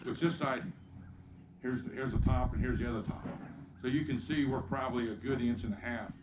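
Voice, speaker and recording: Man talking shop over loud noise. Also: medium pitch, steady tone, brisk. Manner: rambling, soothing asides to the horse. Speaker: horse chiropractor. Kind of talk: casual explaining while working on a horse. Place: outdoors with a horse. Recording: noisy outdoor recording.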